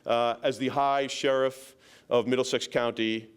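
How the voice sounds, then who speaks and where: A man's voice: mid-range voice, little pitch movement, a little slow, clean tone. A man, a county sheriff telling a story to a local meeting in a loose, rambling way with many restarts and a self-deprecating humor.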